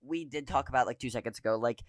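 A woman's voice: a bass voice, fast, dry recording, clean studio sound. A woman co-hosting a podcast in casual chat, chatty and sweary, using lots of fillers. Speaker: podcast co-host.

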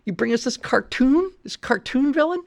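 Man putting on a movie executive, exasperated, scoffing, high voice, hushed. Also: animated, moderate pace, vocal fry, full character voice. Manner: scoffing, incredulous.

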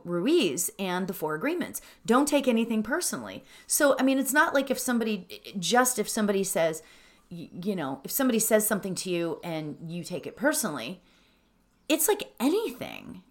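A middle-aged woman teaching meditation, chatting with animated reflection and then guiding breathing in a calm, soft voice. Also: medium pitch. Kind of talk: casual talk leading into guided meditation.

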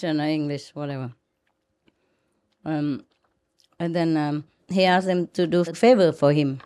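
A woman telling a joke in casual chat, chatty and quick to laugh along with others. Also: deep voice, a little mellow.

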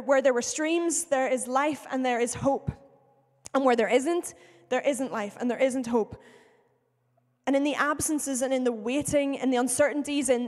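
A woman preaching a sermon in an earnest way, often repeating phrases for emphasis. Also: on the high side. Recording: long hall reverb.

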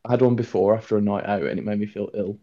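A man's voice: lowish voice, steady tone, very fast, dark tone, no room sound, muffled recording. A man chatting as a podcast co-host, playful and jokey.

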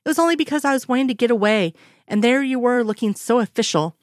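A woman reading the lines of a young female federal agent in a lively, playful way. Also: fairly high pitch, fast, no echo, clean studio sound, pitched above the performer's own voice, natural voice.

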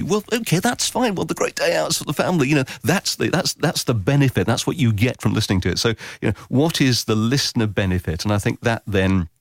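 A man explains his craft in a podcast interview, animated and quick to act out what listeners would think. His voice sits low, recorded close and dry. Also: no echo. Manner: animated, acts out listener reactions in quotes. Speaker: radio consultant and author guest.

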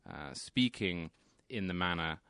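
A man with an English received pronunciation accent, co-hosting a radio talk show and explaining things in a measured, articulate way. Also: low voice, sharp tone, clean tone, no room sound, studio quality. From England. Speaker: guest co-host.

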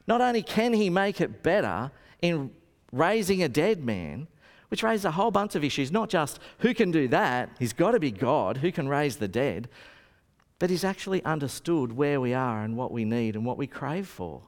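A man preaching a sermon, telling stories and acting out the voices of the people in them. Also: medium pitch. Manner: storytelling, acting out the people he quotes. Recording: long reverb of a hall.

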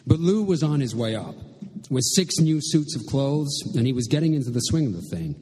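Mellow husky man reading a wry story. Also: mid-range voice, lively intonation, normal speed. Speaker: reader at a literary reading. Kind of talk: reading fiction aloud. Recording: echoey hall with long reverb.

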